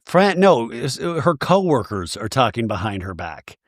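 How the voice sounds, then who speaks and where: A man's voice: medium pitch, big pitch swings, a little slow, no echo, clean studio sound. Sarcastic gossipy male recap host. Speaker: podcast host. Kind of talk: comedic reality TV recap.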